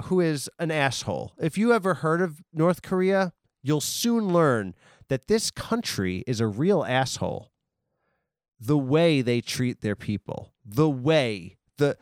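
A man's voice: a little high, no echo, studio quality. A man hosting a comedy podcast, delivering a casual, profane, mock-outraged rant.

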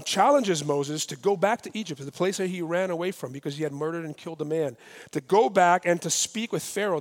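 A man preaching a sermon, lively and emphatic, acting out the dialogue of scripture with rising intensity. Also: a little high. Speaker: pastor. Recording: long hall reverb.

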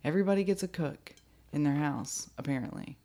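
A woman with a notably low voice hosts a loose podcast chat. She giggles, rambles and trails off as she teases her co-host. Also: expressive, fairly quick, mellow. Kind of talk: casual chat.

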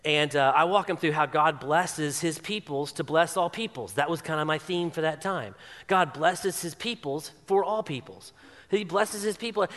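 A man's voice: sits high, pushed and bright, in a large hall. A man preaching a sermon, emphatic, repeating phrases for weight. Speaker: pastor.

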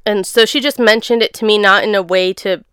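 A young woman in casual conversation, telling her story in a chatty, animated way with frequent laughs. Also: medium pitch, brisk, smooth, no room sound, clean studio sound. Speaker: guest sharing birth story. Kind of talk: casual chat.

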